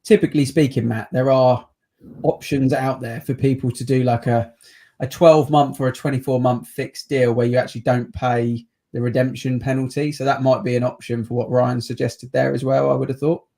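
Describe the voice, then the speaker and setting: A man's voice: mid-range voice, flat delivery, moderate pace, gravelly, warm tone. A man hosting a casual property chat on a video call, chatty and teasing. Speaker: podcast host, estate agent.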